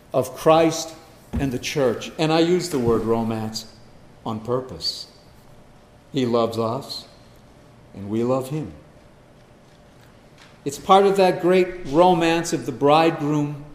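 Emphatic preacher man in an echoey hall. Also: medium pitch. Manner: emphatic, swinging from loud to hushed. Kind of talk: expository sermon. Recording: echoey hall, long reverb.

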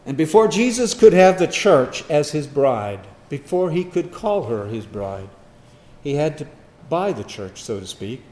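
A man preaching an expository sermon, emphatic, swinging between loud stress and hushed asides. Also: a little high, very animated, unhurried. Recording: echoey hall, long reverb.

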